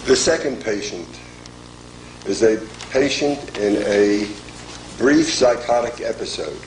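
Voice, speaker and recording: Slow, measured older man lecturing. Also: on the low side, darkish tone, a little hiss or hum. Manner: measured, deliberate, pausing often. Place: lecture hall. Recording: echoey lecture hall.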